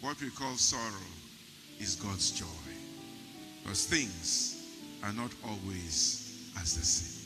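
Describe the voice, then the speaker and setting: A man's voice: lowish voice, lively intonation, takes it slowly, long pauses, over music. An older man, preaching a funeral sermon with emphatic repetition. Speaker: pastor.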